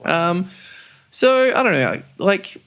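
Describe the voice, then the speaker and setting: A man's voice: high-pitched, big pitch swings, slow, fairly bright tone, clear, resonant tone. A young man hosting a casual podcast discussion, chatty and hesitant with many fillers. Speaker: podcast host.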